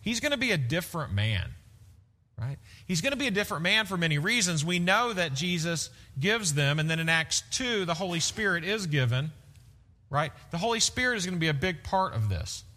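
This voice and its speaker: A man preaching a sermon with a bright, fairly high voice. He talks to the congregation conversationally and keeps checking in with "right?". A long reverb from the big church hall hangs on his words. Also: sing-song, a little fast. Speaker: pastor.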